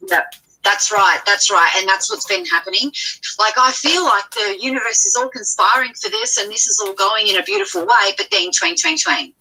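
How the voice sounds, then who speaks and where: Woman caller, very bright husky tone, lively pitch, hesitant, phone call. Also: normal speed. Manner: hesitant, searching for words with fillers. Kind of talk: call-in conversation.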